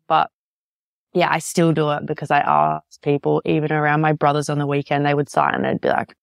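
Deep, gravelly-voiced hesitant woman. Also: a little fast, no room sound, clean studio sound. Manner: hesitant, searching for words, frequent "like". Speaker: podcast host. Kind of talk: casual podcast conversation.

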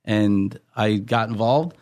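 A man's voice: fairly low pitch, slow, darkish tone, dry recording. A middle-aged man, a pastor, earnestly telling his life story in a podcast interview, often restarting his sentences.

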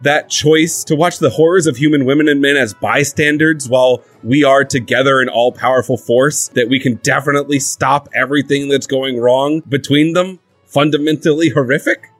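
A man's voice: medium pitch, fairly even intonation, normal speed, few pauses, no echo, faint music behind, natural voice. A man voicing a nervous young interviewer in a comedic audio drama, polite and prone to stammering. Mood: earnest. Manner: polite, stammering, easily rattled. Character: nervous young male interviewer of magical folk.

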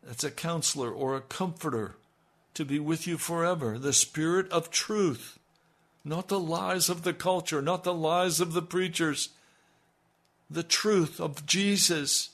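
A man preaching an impassioned radio sermon as pastor, swinging between loud emphasis and hushed, intimate lines. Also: on the high side, unhurried.

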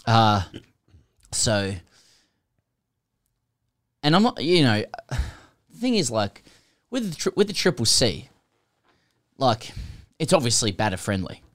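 A man, a podcast co-host, chatting casually and thinking aloud with halting restarts. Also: mid-range voice, sing-song, a bit bright, no room sound, studio quality. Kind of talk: casual comedy podcast chat.

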